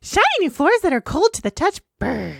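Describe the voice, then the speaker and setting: A woman voices an anxious, bookish young female pony from a cartoon. She talks in a frazzled, squeaky rush, pitched well above a normal speaking voice. The sound is close and dry. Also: sing-song, brisk, creaky, a bit bright, dry recording, heavily acted. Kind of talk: reading cartoon dialogue aloud.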